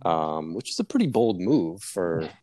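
A man co-hosting a casual music podcast, explaining his views in a measured, hesitant way. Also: low-pitched, sing-song, dark tone. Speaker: podcast co-host.

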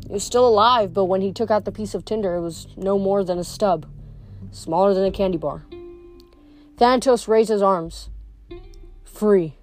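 Lady reading a novel out loud, stumbles a bit here and there, faint music underneath. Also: medium pitch. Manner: measured reading with small stumbles. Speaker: audiobook reader.

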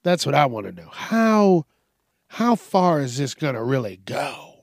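A man's voice: fairly high pitch, very animated, unhurried, creaky, no room sound, studio quality. A tired man hosting a casual solo podcast late at night, rambling and swearing as he trails off and restarts. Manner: rambling, profane, self-interrupting. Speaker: podcast host.

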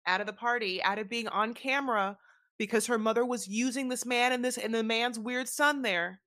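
A woman co-hosting a podcast, recapping a reality show in casual chat, animated and blunt, with lots of fillers and swearing. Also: on the high side, no room sound, clean studio sound. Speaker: podcast co-host.

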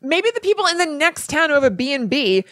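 A woman co-hosting a podcast in casual chat, talking in quick asides and laughing. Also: sits high, sing-song, a bit bright, no room sound, clean studio sound. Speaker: podcast co-host.

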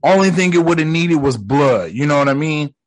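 An excitable man with a fairly high voice talks through a show scene by scene in casual reaction commentary. He swears freely, leans on slang and jumps in to act out characters' lines. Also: normal speed. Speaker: reaction video host.

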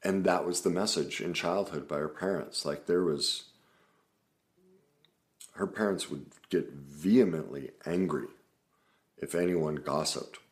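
Deep-voiced man, earnest therapist. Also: measured pace, long pauses. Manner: earnest, explaining. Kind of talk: casual talk to camera.

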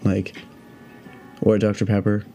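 Male podcast host, low mellow voice, loose profane rambling chat, faint music behind. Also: monotone, moderate pace. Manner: rambling, profane, heavy on "like" fillers. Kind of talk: casual solo podcast chat.

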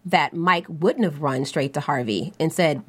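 Lady hosting a casual chat, a bit low-pitched, keeps things moving. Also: unhurried, a bit bright, slightly rough. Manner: chatty, leads the discussion. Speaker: host.

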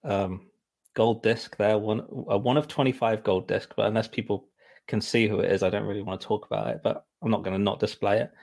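On a podcast, a man who serves as musical director and co-host chats casually, spinning long, wandering stories with mild exasperation. His fairly low, somewhat mellow voice has vocal fry and fairly even intonation, and he often halts, restarts sentences, and fills gaps with ums and uhs.

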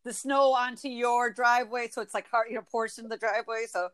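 A woman's voice: a little high, steady tone, brisk, a crowd in the background. A woman from Michigan with a Michigan accent, co-hosting a casual chat podcast, chatty, full of slang and laughter. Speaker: podcast co-host.

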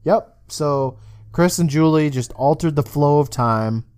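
A man's voice: fairly high pitch, measured pace, smooth. A man co-hosting a podcast, casually recapping a TV episode, swearing often and acting out the characters' lines. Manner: animated, swears often, acts out quoted lines. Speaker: podcast co-host.

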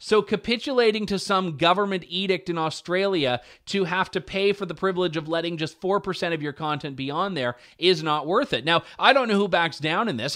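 A man's voice: high voice, fairly bright tone. A young man hosting a talk radio show, delivering opinion commentary with wry, sarcastic asides and chuckles.

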